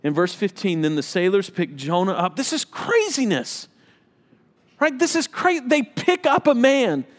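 A man with a high voice preaches a sermon, driving his points home with emphatic repetition. His voice rings out with a long reverb, as in a large hall. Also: very animated, unhurried. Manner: emphatic, repeats phrases for effect. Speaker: pastor.

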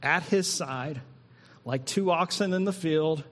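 Male pastor, fairly high voice, slow prayerful sermon delivery, long church reverb, music under. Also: a bit bright. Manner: slow, drawn-out reading and prayer with long pauses. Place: church hall.

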